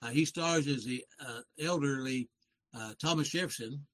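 A man's voice: medium pitch, moderate pace, fairly bright tone, poor audio. Older man, seventies, Southern accent, rambling folksy talk, radio pastor guest. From West Virginia. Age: 70s. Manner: rambling, self-correcting, folksy. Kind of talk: casual talk show conversation.

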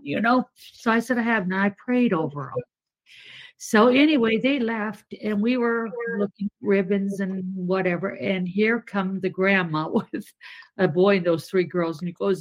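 A woman caller on a live talk show, telling a personal story in an animated way, with many fillers. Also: medium pitch, moderate pace, poor audio.

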